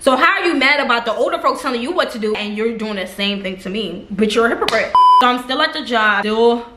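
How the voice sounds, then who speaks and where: A woman's voice: on the high side, expressive, fast, reverberant, heavy background noise. A young woman telling a storytime vlog in a blunt, sassy, slangy way. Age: young adult. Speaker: vlogger.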